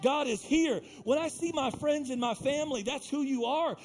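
A male pastor preaching a live sermon in a church, talking straight to the congregation by name and repeating his key lines, moving from hushed passages to loud ones. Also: very high-pitched, moderate pace, a little hiss or hum. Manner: impassioned, repetitive preaching that swings from hushed to loud; talks directly to the congregation by name. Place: church sanctuary.

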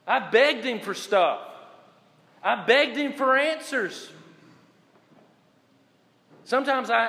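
A man delivers a sermon in a fairly high voice, pressing key phrases with slow, drawn-out emphasis. His words ring out with a long reverb, as if spoken in a large church hall. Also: creaky, fairly bright tone. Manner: preaches with rising emphasis and slow repeated phrases. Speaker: pastor.

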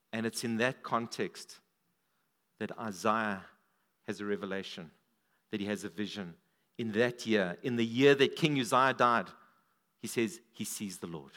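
A man preaching a sermon at a church service, animated, his voice swinging up and down for emphasis. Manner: animated, rises and drops in pitch and volume for emphasis.

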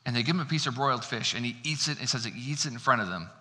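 Male pastor, informal preaching, chatty and self-deprecating, bright tone, long hall reverb. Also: mid-range voice, very fast. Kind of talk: casual conversational sermon. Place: church sanctuary.

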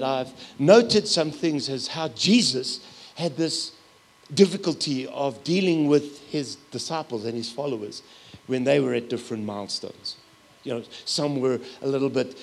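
A middle-aged man preaching a sermon as a pastor, telling stories with loud, animated asides. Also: mid-range voice, a little hiss or hum.

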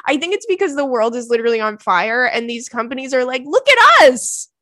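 Young female podcast host, expressive and chatty, slightly high voice. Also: quick pace, dry recording, clean studio sound. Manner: chatty, ranting, laughs often. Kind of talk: casual chat.

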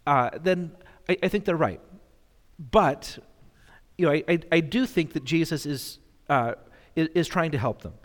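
A man teaching a bible lesson to an audience, halting and self-deprecating, with many fillers and restarts. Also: fairly high pitch. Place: hall in front of an audience. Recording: long hall reverb.

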